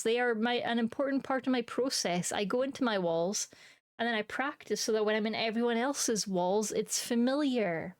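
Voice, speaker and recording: Her voice on the high side, a woman streamer chats casually at normal speed, leaving long pauses. The recording is dry and clean, studio-made, and she jokes and laughs a lot in a playful, giggly, silly manner.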